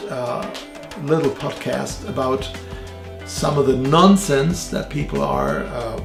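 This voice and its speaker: A middle-aged German man with a German accent, giving an earnest podcast teaching talk slowly and deliberately. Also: medium pitch, gravelly, echoey room. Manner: earnest, slow and deliberate with many fillers. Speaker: theologian and evangelist.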